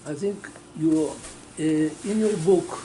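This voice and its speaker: Man, audience member, probing questions, higher pitch, warm tone. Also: slow pace, a little hiss or hum, low-quality recording. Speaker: workshop participant. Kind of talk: question from the floor.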